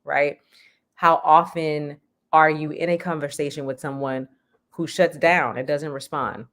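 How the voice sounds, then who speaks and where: Low-voiced woman explaining scriptwriting. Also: steady tone, a little slow, fairly bright tone. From Houston, Texas. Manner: explanatory, rhetorical questions, laughs often. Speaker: script consultant, guest. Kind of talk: interview conversation.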